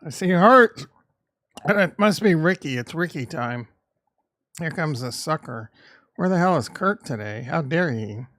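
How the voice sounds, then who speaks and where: A man's voice: on the high side, expressive, moderate pace, fairly bright tone. A man from the American Midwest, casually streaming about markets, rambling and irreverent as he thinks aloud. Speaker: crypto and stock market streamer. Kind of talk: casual livestream chat.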